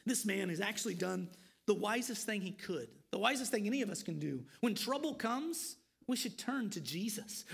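A man's voice: sits high, creaky, husky. A man preaching an expository sermon, earnest and pleading, asking his listeners questions.

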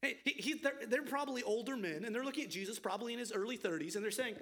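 A preacher delivering an expository sermon with a gravelly, fry-edged voice. The delivery is emphatic yet conversational, and words often repeat mid-thought. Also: medium pitch, expressive, fairly quick, a bit bright.

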